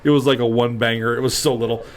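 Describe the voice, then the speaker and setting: Dude cohosting a podcast, jokey, laughs a lot, average pitch. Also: male voice, fairly even intonation, fast. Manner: laughs often, joking. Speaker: podcast co-host. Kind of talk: casual chat.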